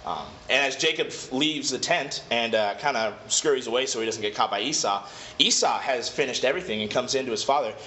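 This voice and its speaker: A man's voice: mid-range voice, a little fast, few pauses, bright, forceful tone. A man casually retelling a Bible story as a lesson leader. He is chatty, digresses, and corrects himself often. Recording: echoey room, slightly dull.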